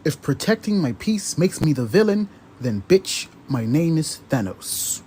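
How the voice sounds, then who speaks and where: A man declaims a short line in a played meme clip, his pitch swooping widely. His tone is warm and slightly high. It sounds distant, with faint ambience behind it. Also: very animated, unhurried, a little hiss or hum.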